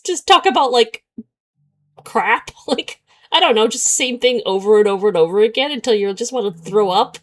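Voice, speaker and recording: A woman's voice: a little high, expressive, normal speed, pauses often, fairly bright tone. A woman hosting a let's play, commenting on a visual novel in a sarcastic, incredulous way and laughing often. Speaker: gaming channel host.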